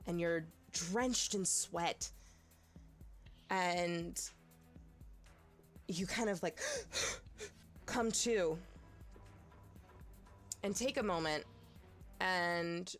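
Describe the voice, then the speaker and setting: Brief: woman game master, low voice, slow hesitant narration, faint music underneath. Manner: hesitant, many fillers, second-person narration. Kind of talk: narrating a tabletop horror game.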